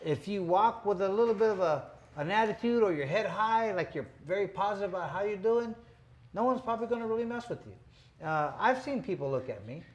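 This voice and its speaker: A man in his fifties hosts a boxing show, spinning stories in a casual, rambling, tough-talking style peppered with "you know." His voice sits high and is expressive and fairly quick, and the recording has its highs cut off.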